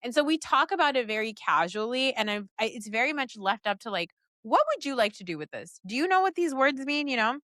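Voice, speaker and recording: A middle-aged woman chatting as a podcast guest, telling lively family stories and acting out quoted lines. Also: fairly high pitch, fairly quick, hardly any pauses, no echo, clean studio sound. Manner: animated storytelling with quoted voices. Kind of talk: casual chat.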